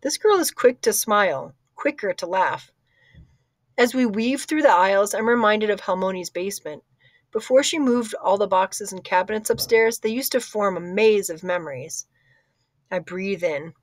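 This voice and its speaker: A woman's voice: medium pitch, normal speed, no room sound. Woman reading an audiobook, dry sound. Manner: conversational, with slips and asides. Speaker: audiobook reader. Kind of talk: first-person book narration.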